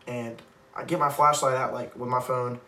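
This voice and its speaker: A young man co-hosting a podcast tells a long, rambling story in casual chat, laughing often and leaning heavily on "like." His medium-pitched voice is level, bright and forceful at a moderate pace. The mic sounds distant in a roomy space with faint background noise.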